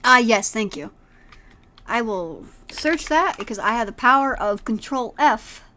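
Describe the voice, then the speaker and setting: A woman's voice: a little high, lively intonation, measured pace, sharp tone, a little hiss or hum. A woman streamer reading a horror story aloud with dramatic delivery, then chatting casually with a friend.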